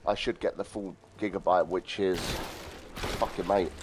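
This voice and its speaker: A man's voice: sits low, fairly even intonation, moderate pace. A British man chatting bluntly over a voice call, swearing casually. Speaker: stream guest, friend. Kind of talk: casual chat.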